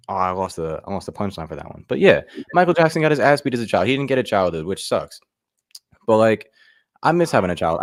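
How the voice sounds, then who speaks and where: A man's voice: fairly low pitch, dry recording, clean studio sound. Rambling young man doing stand-up. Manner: loose rambling delivery with lots of fillers. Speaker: comedian contestant. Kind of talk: stand-up routine.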